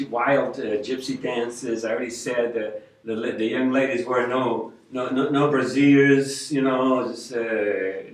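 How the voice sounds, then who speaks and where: An older man, a street pastor, rambles through a personal story in loose hippie slang. His voice sits at an ordinary pitch and sounds roomy and slightly distant from the mic, as if recorded across an echoey room. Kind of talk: casual storytelling monologue.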